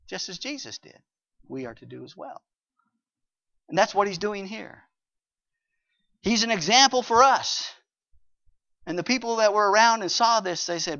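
A man preaching a sermon with emphasis, swinging between loud passages and hushed ones and reading scripture aloud. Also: high-pitched, big pitch swings, normal speed, pauses often. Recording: dull lo-fi recording.

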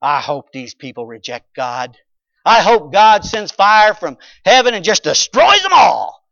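A man voicing the prophet Jonah as a grown man, exclaiming loudly and high, on a dull lo-fi recording. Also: very animated, quick pace. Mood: bitter sulking. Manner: exclaiming loudly, shouting praise.

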